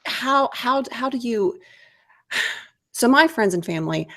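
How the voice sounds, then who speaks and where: A woman's voice: fairly high pitch, expressive, slow pace, bright, forceful tone. A woman from Alabama with a Southern US accent, hosting a casual conversation and speaking earnestly, often repeating words as she goes. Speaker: podcast host.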